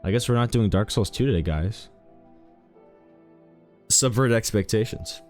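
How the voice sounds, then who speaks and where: A man's voice: medium pitch, huge pitch swings, moderate pace, pauses often, a little mellow, faint music behind. A man streaming a game, chatting casually in a rambling, joking, self-mocking way. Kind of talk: casual live-stream commentary.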